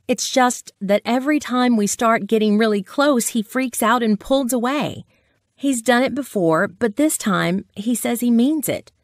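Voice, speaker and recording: A woman's voice: fairly high pitch, a little slow, no echo, clean studio sound, voice pushed up. A woman voicing her heartbroken young friend who begs for help, in an emotional pleading manner.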